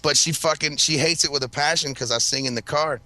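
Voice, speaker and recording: A man's voice: on the high side, fairly quick, sharp tone, dry recording. A man in casual podcast chat, telling rambling, profane stories and laughing often. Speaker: podcast host.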